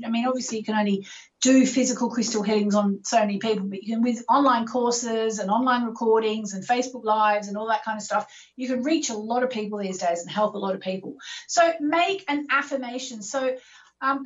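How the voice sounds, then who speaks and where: A woman's voice: fairly high pitch, fairly quick, highs cut off. A woman hosting a call-in astrology show, coaching callers through affirmations in an encouraging way.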